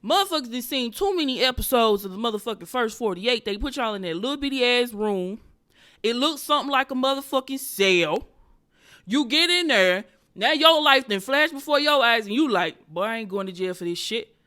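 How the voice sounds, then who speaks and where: A woman comedian hosts her own podcast and talks through her story in a loose, profane monologue. Her voice is bright and forceful. She jumps from loud, punchy bursts to quiet, muttered side remarks. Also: moderate pace. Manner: profane, animated, switches between loud bursts and low muttering.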